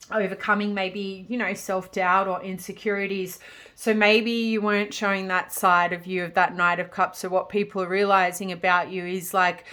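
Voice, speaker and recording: A woman's voice: mid-range voice, a bit bright. A woman giving a casual pick-a-card tarot reading, chatty and rambling, with many fillers and restarts. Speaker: tarot reader.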